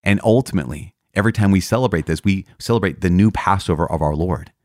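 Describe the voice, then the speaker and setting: Deep-voiced priest, earnest and dry. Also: male voice, fast, darkish tone, no room sound. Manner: earnest, storytelling, rereads lines for emphasis. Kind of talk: podcast teaching on scripture.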